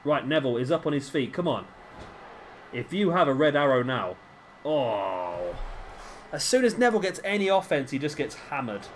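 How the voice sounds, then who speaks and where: A man hosting a gaming channel, giving excitable let's-play commentary on a wrestling game and urging the wrestlers on aloud. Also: mid-range voice, normal speed, slight background noise.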